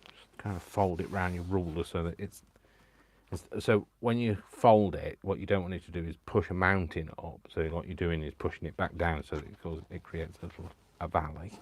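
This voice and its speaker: A man's voice: low-pitched, fairly even intonation, a little fast. A man chatting casually through a crafting tutorial at home, rambling and self-deprecating and chuckling often. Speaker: craft vlogger. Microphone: wired mic on a tripod setup.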